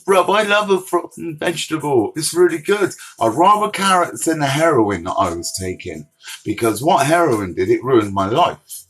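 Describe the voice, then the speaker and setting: A Bristol man in his forties with a West Country accent hosts a recovery-mentoring livestream from his phone, walking around outdoors and answering viewers' comments by name in a direct, chatty way. His medium-pitched voice is fairly bright, though the audio is poor.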